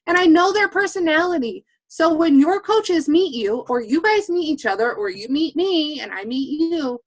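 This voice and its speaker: Fast-talking, blunt high-voiced woman. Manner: fast, blunt and animated, swears casually. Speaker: guest speaker on a team call. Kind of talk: motivational coaching talk.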